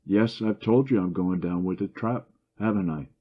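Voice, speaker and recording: A man reading as a loud, boisterous young brother who blusters and swears, in a story reading. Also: deep voice, normal speed, muffled recording, a little hiss or hum, natural voice. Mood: blustering.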